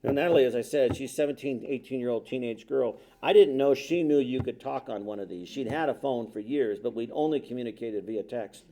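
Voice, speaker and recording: Gravelly-voiced man telling a story. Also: medium pitch, a little fast, few pauses, mellow. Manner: conversational, self-deprecating storytelling with quoted dialogue. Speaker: speaker. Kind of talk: storytelling talk.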